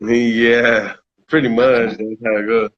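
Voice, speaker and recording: A man's voice: mid-range voice, flat delivery, slow, dull audio. A man telling stories in a casual interview, laid-back, swearing freely and laughing often. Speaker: rapper being interviewed.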